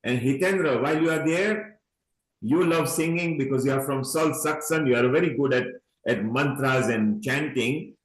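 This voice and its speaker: A man's voice: mid-range voice, moderate pace. Chatty man hosting on an echoey call. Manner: chatty, calls people honey, urges everyone on. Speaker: event host. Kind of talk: casual online event talk. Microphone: video call.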